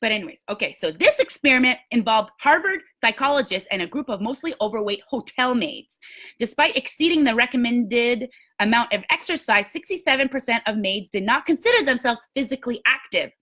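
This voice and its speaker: A woman with a high voice gives an emphatic motivational talk to her sales team. Her tone is bright and forceful, and she is blunt and sometimes swears as she pushes her listeners. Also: expressive, fairly quick. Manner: emphatic, blunt, mildly profane pep talk.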